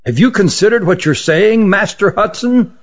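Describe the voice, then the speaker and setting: A man's voice: high voice, animated, normal speed, pitched above the performer's own voice. Speckeren, a man doing a stern old magician. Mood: scolding. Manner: scolding, indignant. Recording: dull lo-fi audiobook recording.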